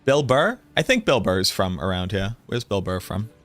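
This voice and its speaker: Low-voiced man with a Boston accent. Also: sing-song, normal speed, a bit bright, soft background music. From North Shore of Boston, USA. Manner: rambling, chatty, lots of "like". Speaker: game streamer. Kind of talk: casual stream chat.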